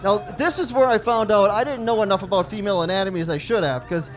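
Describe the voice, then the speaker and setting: In a stand-up comedy set, a man in his forties with a high-sitting voice keeps up a quick pace. He tells self-deprecating tales about his daughters and acts out the conversations between them.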